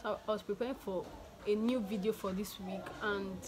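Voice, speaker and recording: A woman's voice: mid-range voice, fairly even intonation, normal speed. A young woman chatting to her viewers in a casual vlog from home, laughing often and restarting her sentences. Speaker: vlogger.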